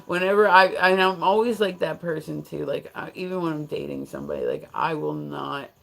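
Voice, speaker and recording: A woman's voice: low-pitched, very animated, fairly quick, creaky, rough recording. An American woman hosting a livestream, chatting casually and rambling with many restarts and fillers. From United States. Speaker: livestream host. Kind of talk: casual chat.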